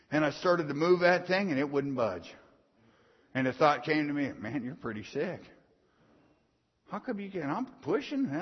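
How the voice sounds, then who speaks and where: A middle-aged man preaches with a folksy, storytelling delivery, dropping to quiet asides and then punching lines out loud. His voice sits a little high and sounds husky. The recording is muffled and carries a long hall reverb. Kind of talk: sermon.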